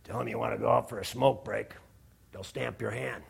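A man voicing a shady male mafia-style arena guard who talks low and hushed into someone's ear. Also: steady tone, brisk, gravelly. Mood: conspiratorial.

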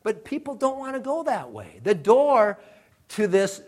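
Brief: male pastor, high voice, punchy repeated lines in a sermon. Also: very animated, measured pace, darkish tone. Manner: emphatic, repeats phrases for effect.

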